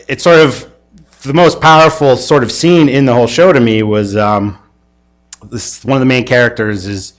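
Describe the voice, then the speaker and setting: A man teaching a church discussion class in a casual, rambling lecture full of fillers and restarts. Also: lowish voice. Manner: rambling, hesitant, many fillers.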